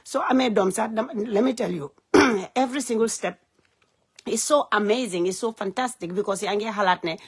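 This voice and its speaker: A woman speaking unscripted on a live stream from her phone. She is earnest and heartfelt, and she talks haltingly with many "um" fillers as she switches between languages. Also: mid-range voice, husky. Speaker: live-stream host and advocate.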